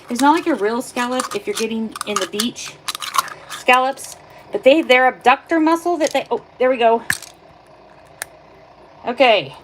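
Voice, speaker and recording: A woman's voice: fairly high pitch, low-quality recording. A woman hosting a casual livestream from her kitchen, chatting and explaining step by step while she works with her hands. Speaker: livestream host. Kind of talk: casual live demonstration. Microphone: phone. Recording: phone livestream with clear background noise.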